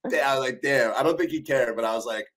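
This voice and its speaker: A man guesting on a podcast, recapping a reality show episode in a steady, storytelling way. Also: medium pitch, rapid-fire, husky. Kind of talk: casual reality-TV recap chat.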